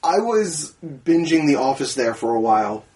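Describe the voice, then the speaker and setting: A man co-hosting a casual movie podcast, blunt and profane, telling stories with animated energy. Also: a little high, moderate pace. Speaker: podcast co-host. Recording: a bit distant from the mic, faint noise.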